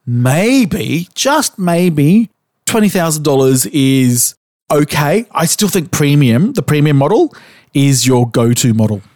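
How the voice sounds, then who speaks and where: A man's voice: fairly high pitch, big pitch swings, slow, darkish tone, dry recording, studio quality. A man co-hosting a podcast, chatting casually and animatedly, asking probing questions and swearing now and then. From Australia. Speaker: podcast co-host. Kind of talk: casual chat.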